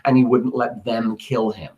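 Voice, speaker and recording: A man's voice: mid-range voice, fairly even intonation, normal speed, a little mellow, muffled recording. A man teaching a class, reading scenes from a play aloud and explaining them in casual, everyday words. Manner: casual, switches between reading lines and plain paraphrase.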